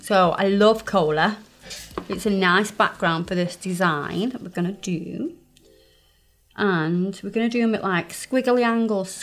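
A woman's voice: medium pitch, unhurried. Chatty woman nail tech. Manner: playful, self-mocking, talks straight to the viewer. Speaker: nail technician. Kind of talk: chatty tutorial banter.

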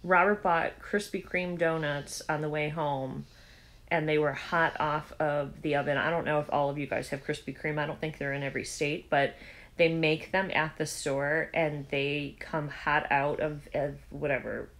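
Low-voiced chatty woman vlogger. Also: steady tone, normal speed, fairly bright tone. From Southern United States. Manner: chatty, storytelling with quoted dialogue and fillers. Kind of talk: casual chat.

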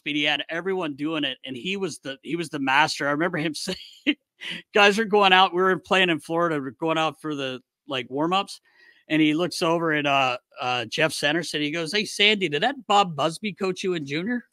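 A man's voice: a little high, brisk, sharp tone, no echo. A man hosting a podcast, telling stories with lots of laughter and swearing and acting out other people's lines. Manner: laughing, swearing, acts out quotes. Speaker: podcast host. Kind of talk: casual chat.

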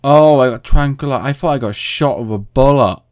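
Speaking at normal speed in a slightly mellow mid-range voice, a man hosts a gaming video with casual let's play commentary into a desk mic on a stand. Expect swearing, panicky outbursts and jokes at his own expense.

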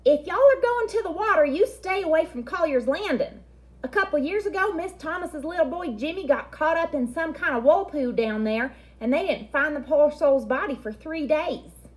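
A woman voicing an older Southern grandmother with a Southern US accent, loud, high and drawling as she warns children. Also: lively intonation, moderate pace. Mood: warning.

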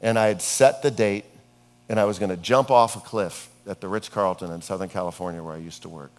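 A middle-aged man preaching a sermon as a pastor, talking in a casual, conversational way and telling stories with dark humor. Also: low-pitched, fairly even intonation, brisk. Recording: long reverb of a hall.

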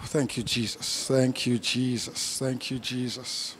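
A man's voice: mid-range voice, level tone, slow pace, fairly bright tone, slight background noise. A man speaking a prophetic prayer in chanting, repeated phrases.

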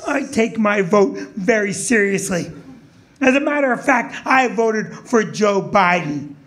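A man doing a stand-up comedy set in a comedy club, shouting his punchlines in a loud, punchy voice. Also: high-pitched, lively intonation, unhurried.

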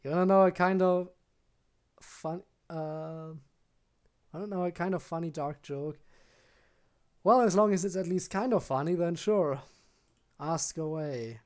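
A man's voice: fairly high pitch, a little slow, long pauses. Chatty man streaming a game. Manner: chatty, rambling, answers chat with restarts. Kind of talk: casual live-stream chat while gaming.

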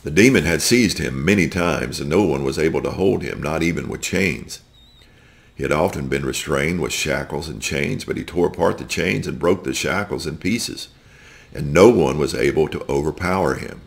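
Male scripture reader, deep bass with gravel, steady deliberate reading. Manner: slow, deliberate reading with small slips. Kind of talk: reading aloud a scripture story.

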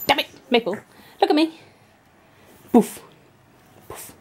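A woman's voice: high voice, animated, takes it slowly, long pauses, a little hiss or hum. A young woman vlogging at home, gushing in baby talk at her pet dog with gasps and giggles, filmed on a handheld camera. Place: at home indoors. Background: dog sounds.

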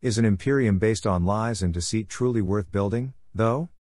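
Guy reading as a smug sarcastic warlord, low voice, dry close sound, mocking then snapping. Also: moderate pace, darkish tone, no echo, natural voice. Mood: scornful. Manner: smooth, sarcastic, flares into fury. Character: scheming silver-tongued male warlord, mocking and bitter. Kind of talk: audiobook character voice.

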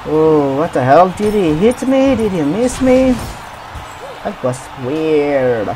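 A man's voice: fairly high pitch, sing-song, slow pace, background noise. A man giving profane commentary over his own gameplay, trash-talking opponents. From Sweden. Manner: swears a lot, trash-talks opponents. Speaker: gaming commentator.

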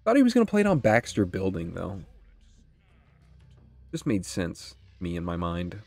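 Low-voiced man swearing through gameplay commentary. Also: normal speed, vocal fry, soft background music. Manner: excitable, swears often, thinks aloud. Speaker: gaming channel host.

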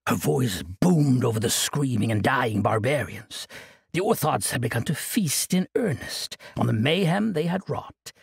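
A man narrating a fantasy audiobook in a dramatic, expressive reading style. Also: mid-range voice, a little slow, creaky, breathy edge, no echo, clean studio sound.

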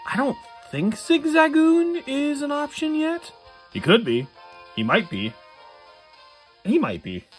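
A man's voice: medium pitch, fairly bright tone. A man giving casual let's-play commentary late at night, tired, rambling and chuckling at his own jokes. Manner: rambling, self-amused, chuckles often. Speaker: gamer playing a Nuzlocke run.

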